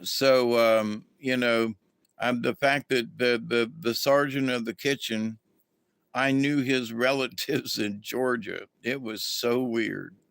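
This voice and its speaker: A man's voice: mid-range voice, fairly even intonation, slow pace, gravelly, fairly bright tone, no echo. A middle-aged man, telling a rambling, folksy story as a livestream host and greeting viewers along the way. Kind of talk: casual storytelling to a live chat.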